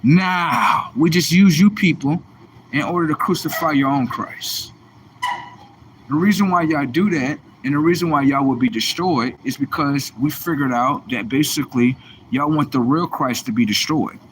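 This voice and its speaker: A man's voice: on the high side, moderate pace, a little hiss or hum. Confrontational man ranting on a livestream. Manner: confrontational, mocking, preachy. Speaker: livestream host. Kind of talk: profane religious rant.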